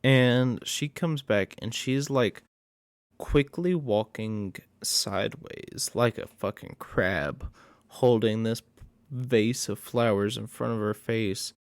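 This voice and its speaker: A man giving a casual recap of a horror movie, excitable and profane. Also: fairly low pitch, takes it slowly, no echo.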